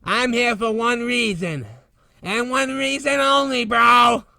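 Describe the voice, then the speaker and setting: A man's voice: very high-pitched, fairly even intonation, slow, vocal fry, bright, forceful tone, dry recording, exaggerated voice. A man voicing an abused male house cat who wails, sobs and meows between complaints in a comedy podcast bit. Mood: boastful. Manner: wailing, sobbing, meowing between complaints.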